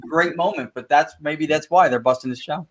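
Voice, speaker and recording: A man's voice: on the high side, fairly quick, a bit bright, a little hiss or hum. A man co-hosting a paranormal talk show, speaking enthusiastically and laughing often. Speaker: paranormal investigator co-host. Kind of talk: casual chat.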